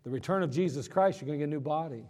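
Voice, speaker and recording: Male pastor, high voice, folksy sermon delivery with emphatic slowdowns, reverberant hall. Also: darkish tone.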